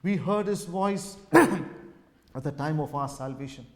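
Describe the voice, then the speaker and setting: Emphatic preacher in a reverberant hall. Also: male voice, on the high side, takes it slowly. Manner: emphatic, repetitive preaching with rising and falling emphasis. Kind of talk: sermon. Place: gospel hall. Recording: long reverb of a gospel hall.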